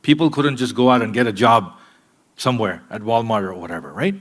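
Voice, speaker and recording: A man preaching a sermon in a mosque, earnest and direct with his listeners, moving between emphatic points and hushed asides. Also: mid-range voice, brisk. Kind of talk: sermon to a live congregation.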